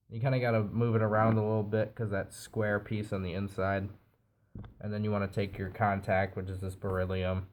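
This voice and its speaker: Low flat-voiced man with a stuffy nose. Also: poor audio. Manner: relaxed, explains while assembling. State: nasal from a cold. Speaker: product reviewer. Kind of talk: casual hands-on review.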